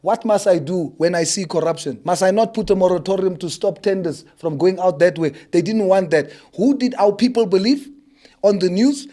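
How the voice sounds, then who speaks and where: A man's voice: high voice, normal speed, warm tone. A man with a South African accent speaking as a politician guest, fiery and rhetorical, firing off questions and mixing Afrikaans phrases into his talk.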